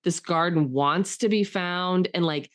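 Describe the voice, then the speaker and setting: A chatty woman with a fairly low voice co-hosts a casual podcast. She rambles, leaning on fillers, and turns emotional and enthusiastic as she talks. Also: unhurried. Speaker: podcast co-host. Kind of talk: casual chat.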